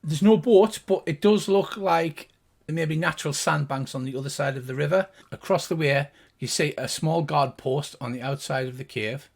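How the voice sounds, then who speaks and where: An older game master with a gravelly, husky voice. He describes the scene at a steady, unhurried pace. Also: a little high. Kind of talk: narrating a tabletop game.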